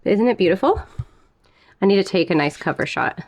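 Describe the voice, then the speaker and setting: A woman's voice: medium pitch, expressive, brisk. A young woman chatting casually in a plant care vlog, a little out of breath and giggling now and then. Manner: chatty, giggly, talks softly to her plants. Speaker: plant vlogger.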